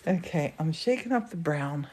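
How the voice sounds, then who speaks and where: American lady co-hosting a craft stream, gushes and laughs a lot, lowish voice. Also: animated, moderate pace, darkish tone. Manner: gushing, laughs often. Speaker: co-host of a live glassmaking stream. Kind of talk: casual chat.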